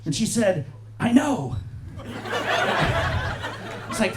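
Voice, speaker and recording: A man in his forties works a club crowd with a profane, animated stand-up set. His voice sits high for a man and leaps all over as he acts out the people in his stories. The live audience laughs loudly around him. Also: normal speed, heavy background noise. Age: 40s. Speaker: stand-up comedian. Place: comedy club stage.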